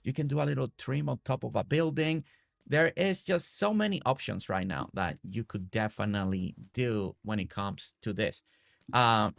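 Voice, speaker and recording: A man's voice: medium pitch, creaky, no echo. A man casually talking viewers through his building ideas on a live game stream, rambling with many fillers and restarts.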